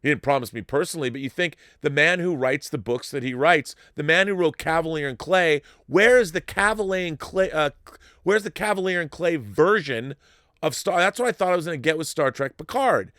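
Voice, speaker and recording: A man hosting a live-stream show, reading viewer messages and riffing on them in a rambling, animated way with frequent restarts. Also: a little high, fairly quick, no echo, clean studio sound. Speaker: show host reading viewer super chats. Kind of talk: casual live-stream commentary.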